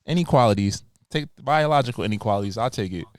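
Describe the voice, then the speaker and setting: A young man hosting a podcast, chatting casually and laughing, his voice leaping up in pitch when he gets excited. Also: fast talker, no room sound. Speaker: podcast host.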